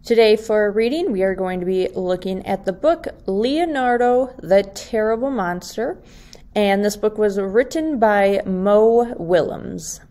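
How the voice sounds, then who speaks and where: A woman teacher reading a picture book aloud to second graders in a slow, expressive storytelling voice. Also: medium pitch.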